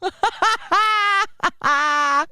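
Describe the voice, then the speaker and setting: A woman's voice: extremely high pitch, extremely slow, bright, forceful tone. A young woman, co-hosting a podcast in a giggly, chatty way. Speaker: podcast co-host. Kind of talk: casual chat.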